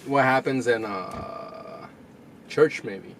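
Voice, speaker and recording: A man's voice: medium pitch, extremely slow, a little hiss or hum. A young man co-hosting a podcast, telling rambling, profane stories and acting out what people said, recorded on camera audio. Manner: rambling storyteller, swears a lot, acts out quotes. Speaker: podcast co-host. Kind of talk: casual chat.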